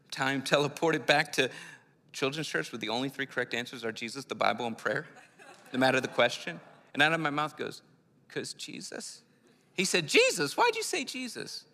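A man's voice: medium pitch, brisk, bright, forceful tone. A man from Philadelphia preaching a sermon, telling his own testimony in an earnest, conversational way. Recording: long hall reverb.

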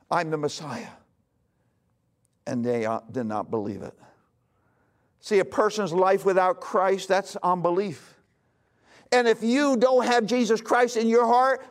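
A male pastor preaching a sermon with emphasis, swinging between loud bursts and hushed lines. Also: very high voice.

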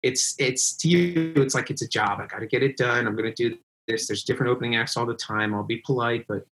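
A man's voice: medium pitch, fast, soft background music, low-quality recording. A man in his forties, a musician guest, telling road stories in a casual interview and acting out the people he quotes. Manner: animated, acts out quotes in raised voices.

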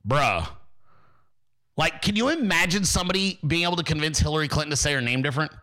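A man's voice: on the high side, lively intonation, fast talker, sharp tone. A man hosting a political commentary show, ranting and mocking with constant swearing.

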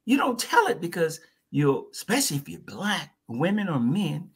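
Animated, bright-voiced storytelling man. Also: high voice, moderate pace, slightly rough. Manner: lively, folksy sayings, acts out little voices. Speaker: podcast guest.

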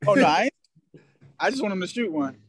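A man's voice: high voice, animated, quick pace, a crowd in the background. A man co-hosting a casual sports podcast, earnest and opinionated with slangy speech. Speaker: podcast co-host.

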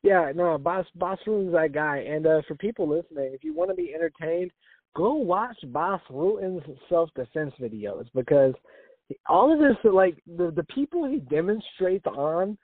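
A man's voice: a little high, very animated, normal speed, husky, no echo. A man co-hosting a podcast, chatting loosely about fights with lots of cursing and laughter. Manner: loose, profane, laughing banter. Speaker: podcast co-host. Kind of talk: casual podcast chat. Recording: tinny phone-like line, dry.

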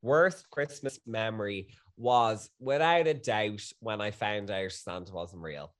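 A young man guest in a casual chat, telling stories in a gushing, excitable way. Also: on the low side, measured pace.

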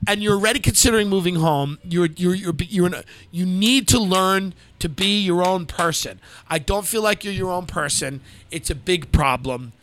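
A man's voice: high-pitched, moderate pace, few pauses, a bit bright. A man co-hosting a podcast in casual banter, blunt, brash and profane, giving unfiltered advice. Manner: puts on mocking voices. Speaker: podcast co-host.

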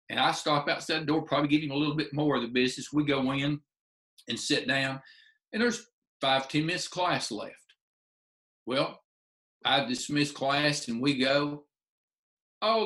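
A man's voice: medium pitch, reverberant. A man tells a story to an audience, acting out the dialogue with lots of restarts. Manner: animated storyteller, acts out dialogue, restarts often. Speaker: speaker telling a story from his teaching career.

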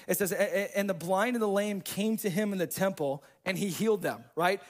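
A high-pitched male pastor preaching a sermon in a conversational way. He drops casual slang and moves between soft, hushed stretches and fired-up emphasis. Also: fairly quick, hardly any pauses. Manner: casual slang like "man" and "dude".

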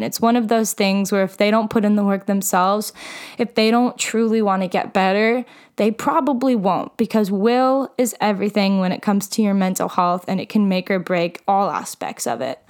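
A woman's voice: medium pitch, clear, resonant tone. A young woman in her late teens speaking candidly and earnestly about her own struggles, with frequent "like" fillers. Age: young adult. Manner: candid and heartfelt, many fillers like "like". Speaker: mental health vlogger. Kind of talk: earnest personal talk to camera.

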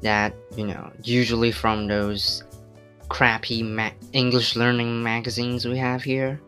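A man's voice: medium pitch, level tone, measured pace, sharp tone, faint music behind. A teenage boy co-hosting a casual podcast, making teasing, dry remarks. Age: teens. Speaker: podcast co-host. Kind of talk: casual chat.

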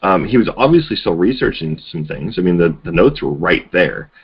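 A man's voice: sits low, big pitch swings, fairly quick, slightly rough. A man co-hosting a podcast in casual chat, talking loosely and speculatively in run-on thoughts. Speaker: podcast co-host. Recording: dull lo-fi recording.

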